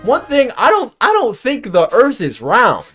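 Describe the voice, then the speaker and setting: A man's voice: extremely high pitch, wildly swooping pitch, unhurried, bright, forceful tone, slightly rough, soft background music, pitched above the performer's own voice, exaggerated voice. A man voicing an oblivious, chatty male passenger who rambles on. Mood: musing.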